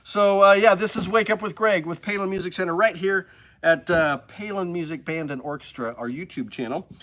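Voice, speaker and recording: A man's voice: high-pitched, fairly quick, fairly bright tone. Upbeat chatty host, man. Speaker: host of a live music-store stream. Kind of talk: casual live-stream chat. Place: music store studio.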